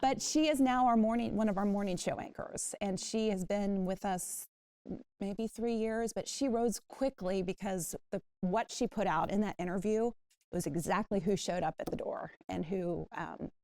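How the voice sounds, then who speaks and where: A woman on a discussion panel, a news manager who tells stories in an animated way. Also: mid-range voice, moderate pace. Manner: animated storytelling.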